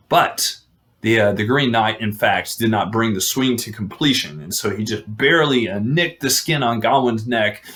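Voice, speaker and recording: A man's voice: lowish voice, a bit bright. Chatty male storyteller. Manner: chatty, with fillers and asides. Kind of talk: casual oral retelling of a legend.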